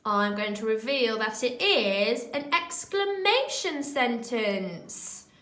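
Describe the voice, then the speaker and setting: A woman primary school teacher talking young children through a remote lesson, slow, clear and encouraging. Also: fairly high pitch, lively intonation, fairly bright tone, reverberant, rough recording.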